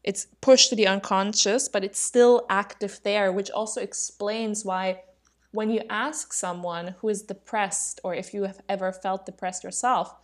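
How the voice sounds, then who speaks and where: A woman speaking English as a second language in a relaxed conversation. She explains ideas carefully and often pauses with fillers as she hunts for the right word. Her pitch sits in the middle range. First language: not English. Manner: thoughtful, searching for words, uses fillers. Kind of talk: casual explanatory chat.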